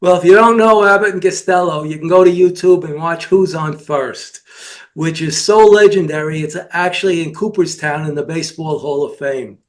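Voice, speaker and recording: A man with a notably high-pitched voice chats casually as co-host. He strings together anecdotes and lists of names. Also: moderate pace. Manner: anecdotal, lists names, retells old jokes. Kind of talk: casual chat.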